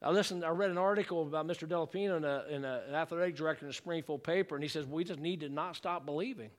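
A male pastor preaching a fervent sermon to his church. He calls for congregational responses and rises into shouted exclamations. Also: fairly high pitch, very fast. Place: church sanctuary.

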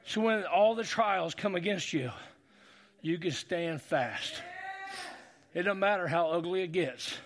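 A middle-aged man preaching a sermon as pastor, building to shouted, repetitive exhortations. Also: high voice, a little slow, long pauses.

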